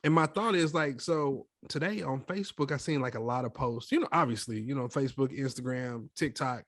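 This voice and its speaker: A young adult man co-hosting a casual podcast chat, telling a story with animated quoted voices. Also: mid-range voice, a little fast, no echo, studio quality. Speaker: podcast co-host.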